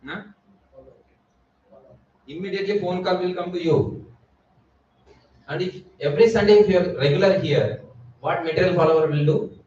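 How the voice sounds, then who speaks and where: A man's voice: sits high, normal speed, long pauses, a little mellow, slight background noise. A man giving a Sunday sermon at a temple, asking his listeners rhetorical questions. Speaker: preacher. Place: temple hall. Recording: echoey hall, distant mic, dull sound.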